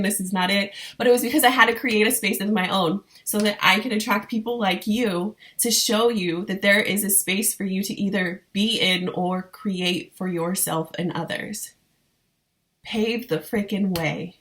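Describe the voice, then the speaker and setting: A woman in her thirties speaks straight to her viewers as a coach, earnest and heartfelt. Her voice sits at an ordinary middle pitch. She keeps urging them on in a warm, encouraging way. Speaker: spiritual business coach. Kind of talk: motivational vlog talk to viewers.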